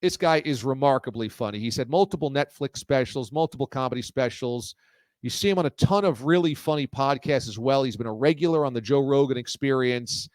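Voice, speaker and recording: A man's voice: medium pitch, a little fast, a little mellow, dry recording. A man hosting a sports talk show, interviewing a guest in an upbeat, enthusiastic way. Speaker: radio and video show host.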